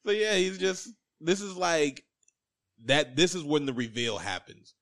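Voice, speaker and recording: Bright-voiced man chatting about a movie. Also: a little high, sing-song, unhurried. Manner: retells scenes by acting out characters' lines. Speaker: podcast co-host. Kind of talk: casual movie discussion.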